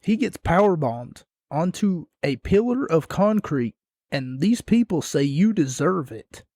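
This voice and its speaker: A man's voice: high voice, big pitch swings, measured pace, darkish tone, no echo, clean studio sound. A man hosting a podcast, giving casual wrestling commentary in a sarcastic, mocking rant. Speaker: podcast host.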